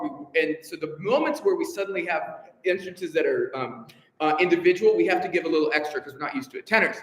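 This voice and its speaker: A man rehearsing a choir as conductor, coaching with energy, counting off and singing pitches to the singers. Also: a bit bright. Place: rehearsal hall. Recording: echoey hall with long reverb.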